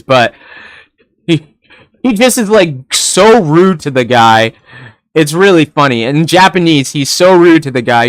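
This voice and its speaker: A man's voice: on the high side, fairly bright tone, smooth, no room sound, studio quality. Rambling young man reviewing anime. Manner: rambling, laughs often, casual swearing. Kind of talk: casual episode review.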